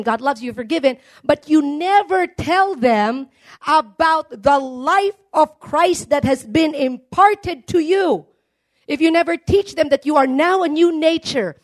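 High-voiced woman preaching emphatically. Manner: emphatic, calls for congregation responses. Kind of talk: sermon.

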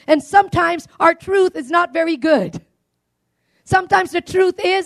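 A married woman preaching a sermon to a congregation, calling for amens, swinging between loud declarations and quiet asides. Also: extremely high pitch, measured pace, vocal fry. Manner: call-and-response preaching, asking for amens.

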